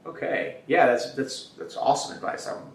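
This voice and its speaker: A man's voice: mid-range voice, normal speed, gravelly, echoey room, far from the mic. A man hosting a podcast interview, casual and enthusiastic, swearing freely as he asks questions. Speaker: podcast host.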